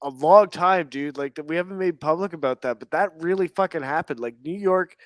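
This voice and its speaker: A man with a high, bright-pitched voice tells a story in casual podcast chat. He talks in an animated, profane way and laughs easily. The sound is close and dry. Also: fairly quick, dry recording. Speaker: podcast guest.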